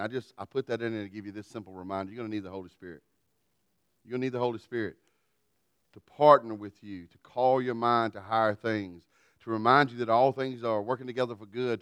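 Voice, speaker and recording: A man delivers a sermon in a relaxed, folksy way, mixing humor and everyday stories into his preaching. His voice is smooth and resonant, and the recording is close and dry with no room echo. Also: mid-range voice. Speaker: pastor.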